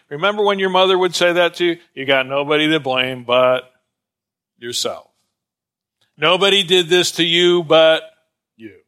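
A man's voice: a little high, sharp tone. A man teaching an informal Bible lesson in a conversational, digressive way with many fillers.

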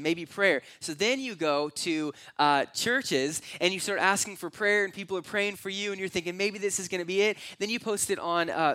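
A pastor with a high, bright voice preaches a sermon, telling a long story in the second person. He shifts between hushed, low passages and loud, exclaiming ones.

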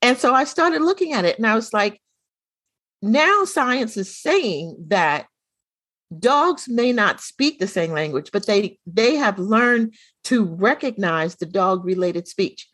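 A middle-aged woman co-hosting a casual chat, telling a lively story and acting out the dialogue. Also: mid-range voice, slow, slightly rough, dry recording. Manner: animated storyteller, acts out quoted dialogue.

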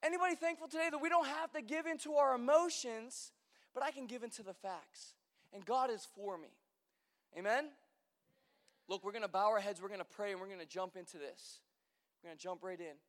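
High-voiced man preaching in a reverberant hall. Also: a little fast. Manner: animated, acts out voices in quotes. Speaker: pastor. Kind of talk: sermon.

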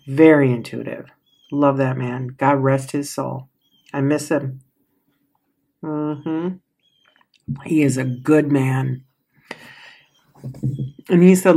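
A woman's voice: very deep voice, fairly even intonation, takes it slowly, long pauses, dark tone. A middle-aged woman giving a casual motivational talk as a coach, emotional, sighing and laughing often. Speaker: coach or healer with clients.

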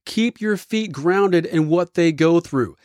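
A man with a fairly high voice delivers leadership advice as a motivational host. His punchy, energetic storytelling sounds dry and close to the mic. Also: slow, no echo. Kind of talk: motivational talk.

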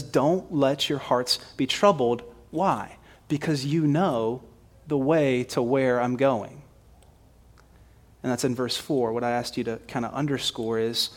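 A man preaching a sermon in a conversational, emphatic way. He asks rhetorical questions and often repeats words. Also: fairly high pitch.

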